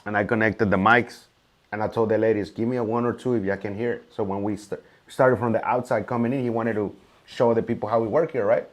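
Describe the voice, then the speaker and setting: A man's voice: fairly low pitch, steady tone, quick pace. A male host in casual conversation, recounting a story in a loose, rambling way.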